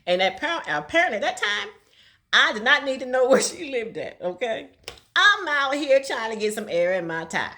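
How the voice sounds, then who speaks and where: A woman's voice: high voice, sing-song, moderate pace, pushed and bright. A middle-aged woman telling a casual, folksy story in a vlog, laughing often between lines. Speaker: vlogger.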